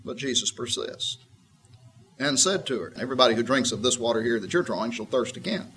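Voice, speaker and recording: A man giving a conversational Bible teaching, folksy and reflective, with a husky voice. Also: mid-range voice, expressive, brisk, sharp tone, slight background noise, poor audio. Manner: folksy and reflective, voices the woman with a tart, skeptical edge. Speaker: preacher.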